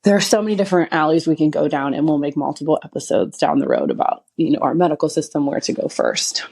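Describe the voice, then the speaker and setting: A woman's voice: low-pitched, very animated, quick pace, gravelly, darkish tone, breathy edge. A woman hosting her own podcast, telling a rambling story with laughs and acted-out quotes. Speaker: podcast host and chiropractor. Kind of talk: casual solo podcast monologue.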